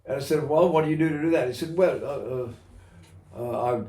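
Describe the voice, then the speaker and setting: A man's voice: on the high side, a little fast, a little mellow, reverberant. An older man teaching singing technique in a rambling way, breaking into sung vowels and imitated voices to demonstrate. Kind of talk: recorded voice lesson.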